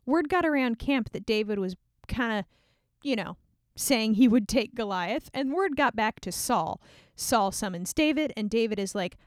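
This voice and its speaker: A woman's voice: fairly high pitch, animated, normal speed, no echo, studio quality. A woman casually retelling a Bible story in a chatty way, with frequent fillers and small laughs.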